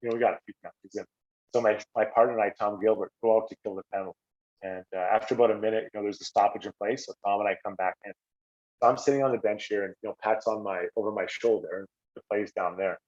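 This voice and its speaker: A middle-aged Canadian man, a former hockey player, telling stories casually on a podcast and acting out quotes with a raised voice. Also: fast. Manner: animated, acts out quotes with raised pitch. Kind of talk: casual storytelling. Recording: slightly dull lo-fi audio.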